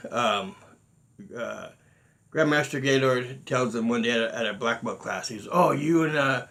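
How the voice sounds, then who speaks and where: A man's voice: medium pitch, a bit bright. A middle-aged man, a martial arts grandmaster, talking emphatically in a monologue, repeating words and acting out quotes. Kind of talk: monologue telling stories.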